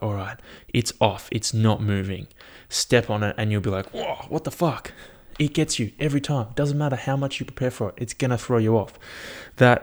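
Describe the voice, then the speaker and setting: A young man talks alone into his podcast mic, rambling from one story to the next with plenty of swearing. His voice sits a little low and has a gravelly, fry-heavy edge. The delivery stays loose and offhand. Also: darkish tone. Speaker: podcast host. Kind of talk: casual solo podcast chat. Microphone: podcast microphone.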